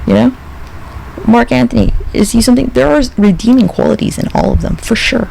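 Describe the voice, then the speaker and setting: A podcast host rambles through a sardonic, profane monologue. His voice is high and heavily gravelly, with a faint hiss behind the recording. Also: lively intonation, fast, a little mellow, poor audio.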